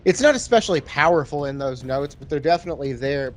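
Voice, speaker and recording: A man co-hosting a casual podcast, giving a relaxed, hedging review of a beer and a film. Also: a little high, quick pace, soft background music. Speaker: podcast co-host. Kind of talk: casual chat about a film over beer.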